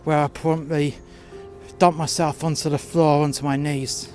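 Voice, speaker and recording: A man telling a first-person story outdoors in the cold, halting with fillers and breaking into profane outbursts. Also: a little high, level tone, a little mellow, soft background music.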